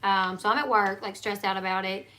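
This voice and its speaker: A woman's voice: medium pitch, steady tone, brisk, bright, forceful tone. A woman chatting casually, cutting in often and stammering a little as she explains herself. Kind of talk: casual chat.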